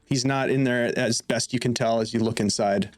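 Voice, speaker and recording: A man's voice: mid-range voice, moderate pace, soft background music. Man narrating as game master. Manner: relaxed, describing scenes and calling for rolls.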